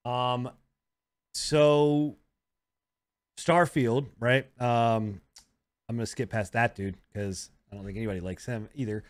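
A man's voice: mid-range voice, steady tone, slow, pauses often. A man hosting a gaming podcast in casual chat, leading the topics with many hesitant ums. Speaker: podcast host.

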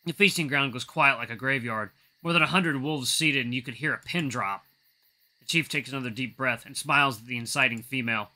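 Quiet, bright-voiced male narrator. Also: mid-range voice, a little fast. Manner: quiet, even narration with slips. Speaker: narrator reading a visual novel. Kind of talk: reading a visual novel aloud.

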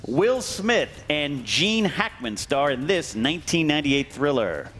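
A man commentating a movie trivia game show, excitable and enthusiastic as he calls the play and reads questions. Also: a little high, unhurried, over music.

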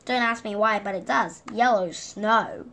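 A woman reading a picture book aloud to children in an animated way, asking the listener questions along the way. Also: mid-range voice, measured pace, vocal fry, noisy background. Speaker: children's story reader.

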